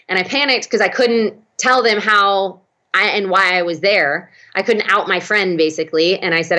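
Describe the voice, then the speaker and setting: A young woman from Texas, a guest telling a story in casual chat, acting out the people in it with quick jumps of voice. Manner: animated, acts out quoted voices with big pitch jumps.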